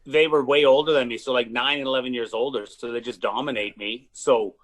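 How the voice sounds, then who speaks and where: A young adult man from Canada, a comedian guest telling animated, profane stories in a casual chat and acting out the quotes. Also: medium pitch, brisk. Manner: animated, swearing, acts out quotes. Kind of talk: casual storytelling.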